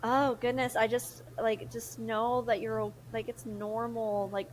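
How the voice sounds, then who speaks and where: A woman's voice: on the high side, unhurried, a little hiss or hum, rough recording. A young woman, talking openly and with feeling as a podcast co-host. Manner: animated and emotional, quotes others in lively voices. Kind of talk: casual chat.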